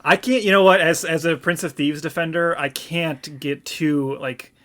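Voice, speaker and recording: Podcast co-host, man, slightly high voice, animated casual chat. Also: normal speed, soft background music. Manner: animated, laughing, many "like"s.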